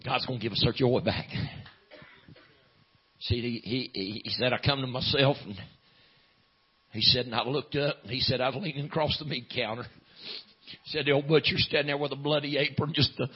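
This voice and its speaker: Male preacher, husky gravelly voice, chants with gasped breaths, dull lo-fi recording. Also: mid-range voice, steady tone, fairly quick. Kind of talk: revival sermon storytelling.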